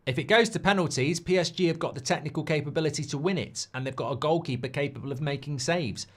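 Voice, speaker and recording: A man hosting a live football watchalong, chatty and excitable, swearing often. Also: a little high, fast. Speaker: host.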